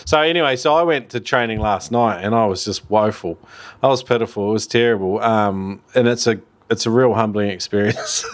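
Easygoing man hosting a podcast. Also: lowish voice. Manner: easygoing, hesitant with fillers. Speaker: podcast host. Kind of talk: casual interview chat.

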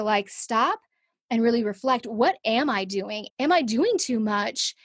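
A woman's voice: on the high side, expressive, normal speed, breathy edge, no echo, clean studio sound. A middle-aged woman, a podcast guest, telling a personal story in a conversational interview and acting out her own thoughts.

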